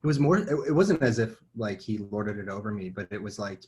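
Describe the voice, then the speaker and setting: Low-voiced casual young man. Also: animated, a little fast, a little mellow. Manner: casual, with many "like" fillers and repeats. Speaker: guest. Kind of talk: casual conversation.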